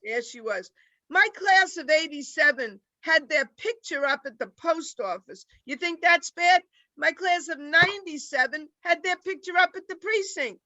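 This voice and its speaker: Bright-voiced older New York woman comic. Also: sits high, normal speed, no echo, rough recording. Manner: deadpan, rambling joke delivery. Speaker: stand-up comic. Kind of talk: stand-up comedy set on a video call.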